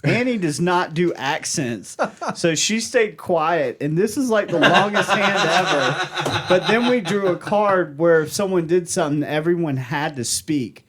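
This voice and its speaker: A man's voice: fairly high pitch, lively intonation, measured pace, a bit bright. An American man co-hosting a casual podcast chat, who laughs a lot and reads items out from a list. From United States. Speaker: podcast co-host.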